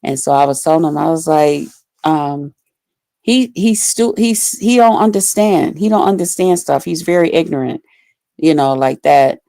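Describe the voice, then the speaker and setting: A woman's voice: sits low, lively intonation, normal speed, creaky, warm tone, dry recording. A woman vlogger telling a personal story to her viewers in casual, blunt, profane talk full of fillers.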